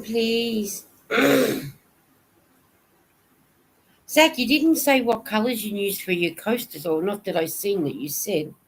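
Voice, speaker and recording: A woman's voice: medium pitch, breathy edge. A woman hosting a casual livestream, chatting and answering viewer comments. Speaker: knitting vlogger hosting a livestream.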